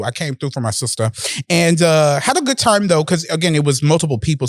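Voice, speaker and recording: Animated, profane male podcast storyteller. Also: on the high side, no echo. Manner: animated, profane, laughs often. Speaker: podcast host. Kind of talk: casual storytelling.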